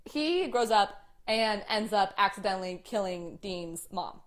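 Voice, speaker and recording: Young woman, casual chat host, animated, swears a lot, heavy filler words. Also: medium pitch, a little slow.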